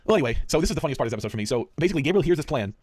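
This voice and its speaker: A man hosting a casual podcast, recapping a TV episode in an animated, storytelling way with lots of repeated words. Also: on the high side, very fast, no echo, studio quality.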